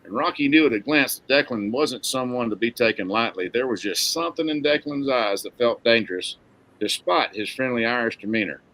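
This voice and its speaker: A man reading a novel aloud in a steady, plain storytelling manner. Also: mid-range voice, brisk, rough recording. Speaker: narrator.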